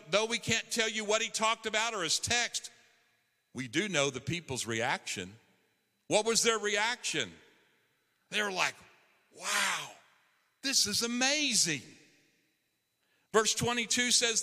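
A man's voice: sits high, sharp tone. A man preaching a sermon as a pastor, emphatic and conversational, rising on key phrases. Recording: long hall reverb.

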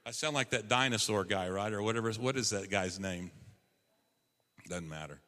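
Bright-voiced male pastor preaching in a reverberant hall. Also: lowish voice, moderate pace. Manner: emphatic preaching, rising on key phrases. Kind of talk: sermon.

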